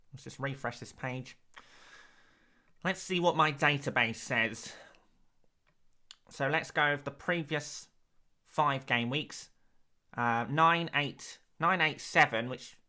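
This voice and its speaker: A man's voice: mid-range voice, sharp tone. A man putting on a pompous, over-precise statistics presenter voice. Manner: over-precise, mock-formal delivery.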